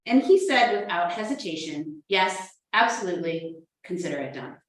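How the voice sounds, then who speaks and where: Speaking from far off the mic in a roomy, echoey space, a woman delivers a prepared conference presentation. She's a librarian from New Hampshire, earnest yet given to playful asides as she tells stories. Her lowish voice stays animated at a moderate pace.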